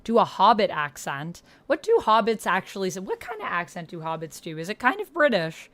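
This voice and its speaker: A woman's voice: medium pitch, sing-song, a little fast, a bit bright. A woman streaming live, chatting playfully with her viewers and counting out exercises aloud. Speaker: gaming livestreamer. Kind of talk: casual livestream chat with viewers.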